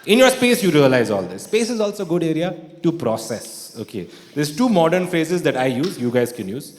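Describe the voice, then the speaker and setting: A man doing a stand-up comedy set with dry, deadpan delivery that breaks into sudden outbursts and mocking put-on voices. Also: on the high side, a little fast, slight background noise. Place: theatre stage before a laughing audience. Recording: echoey live hall with audience. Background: audience laughter.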